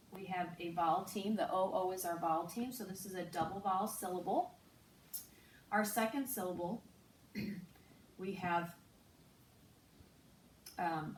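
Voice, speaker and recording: A woman teacher giving a slow, patient online phonics lesson, spelling out letters and sounds. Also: on the low side. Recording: roomy, distant mic with faint noise.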